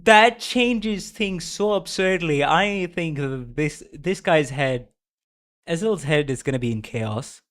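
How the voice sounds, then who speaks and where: A man streaming a game, reading its dialogue aloud and reacting with excitable, rambling restarts. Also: a little high, takes it slowly.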